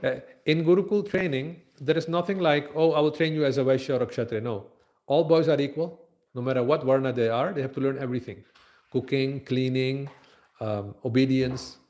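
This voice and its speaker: A man giving a conversational scripture lecture at a temple, with frequent fillers and pauses. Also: medium pitch, darkish tone.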